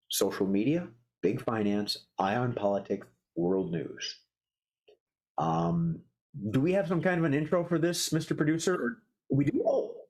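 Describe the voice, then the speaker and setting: Lively man hosting improv games. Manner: lively, leaps up in pitch when excited. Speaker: improv show host.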